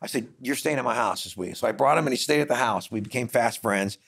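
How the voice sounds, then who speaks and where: A middle-aged man hosting a podcast, telling a story in a casual, animated way and acting out the dialogue. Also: medium pitch, quick pace, gravelly, husky. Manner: animated, acts out dialogue in quotes. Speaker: podcast host. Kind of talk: conversational storytelling.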